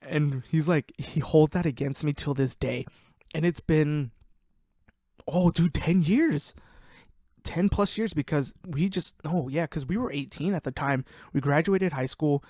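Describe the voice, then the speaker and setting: A man's voice: a little high, normal speed, no echo, studio quality. A young man hosting a podcast, swearing freely and laughing through casual stories about his friends. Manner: profane, laughing, animated storyteller. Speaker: podcast host. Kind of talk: casual storytelling.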